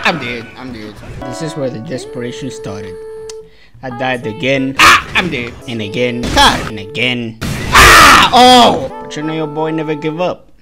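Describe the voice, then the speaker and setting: A man commentating his own gameplay, yelling at a hard boss fight and swearing, with quiet mumbled asides between outbursts. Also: mid-range voice, animated, normal speed, over loud music. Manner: shouts and yells at the game, swears, slangy. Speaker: gaming YouTuber.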